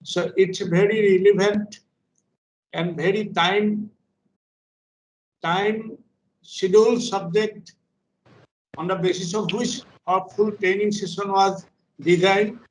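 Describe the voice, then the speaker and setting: A man gives a formal, halting introduction, with a high voice. His words echo around a roomy space. He opens the session as the workshop coordinator. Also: a little hiss or hum.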